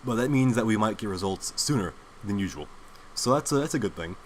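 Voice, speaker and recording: A man's voice: lowish voice, a little fast, slight background noise. A young man hosting his own commentary show, delivering a heated political monologue full of filler words. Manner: animated, heated, with many filler likes. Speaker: host.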